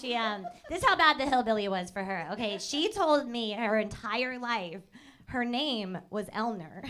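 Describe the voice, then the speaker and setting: A woman's voice: on the high side, animated, normal speed. A woman performing a stand-up comedy set in front of a live audience, laughing between jokes and teasing the crowd. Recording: live club with loud crowd laughter and room noise.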